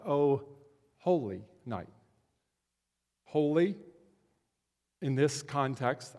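A man giving a conversational Christmas sermon as a pastor, slowing down to stress key words. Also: a little high. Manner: conversational, slows down for emphasis. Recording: long hall reverb.

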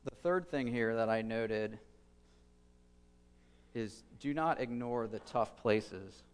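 A man's voice: mid-range voice, smooth, long reverb tail. A man preaching a sermon as a pastor, conversational and thinking aloud, with fillers and restarts.

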